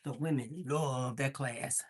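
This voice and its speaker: A woman's voice: rumbling low, slow, darkish tone, husky. A woman from Missouri hosting a casual livestream, chatting, reading viewer comments aloud and laughing often, a little out of breath from moving around. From Missouri, USA. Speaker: livestream host.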